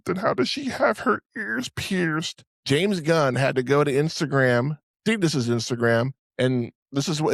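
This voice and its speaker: A man's voice: mid-range voice, no room sound, clean studio sound. A man hosting a podcast in casual, rambling banter, swearing freely and stumbling over restarts. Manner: rambling, profane, stammers on restarts. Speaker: podcast host.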